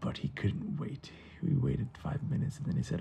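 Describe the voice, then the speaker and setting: A man narrating a bedtime story in a playful, animated way, with sound effects. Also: medium pitch, moderate pace, creaky, a little hiss or hum.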